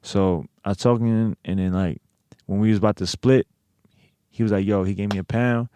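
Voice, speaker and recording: A man's voice: fairly low pitch, steady tone, moderate pace, warm tone, slight background noise. A man telling a personal story in a casual interview, swearing a lot and leaning on filler phrases. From United States. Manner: profane, streetwise, lots of filler phrases. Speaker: interview guest.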